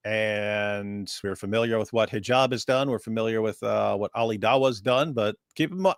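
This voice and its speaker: A man's voice: lowish voice, moderate pace, few pauses, no room sound, clean studio sound. A man appearing as a guest on a live chat, speaking in a mocking, joking way. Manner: mocking, laughs at his own jokes. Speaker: guest commentator. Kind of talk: casual chat.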